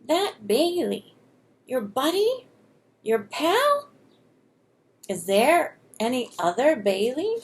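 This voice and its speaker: Woman reader doing a calm, patient old granny, coaxing and gentle, slightly high and slow. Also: heavily acted. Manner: coaxing, gently probing questions. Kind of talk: storybook reading.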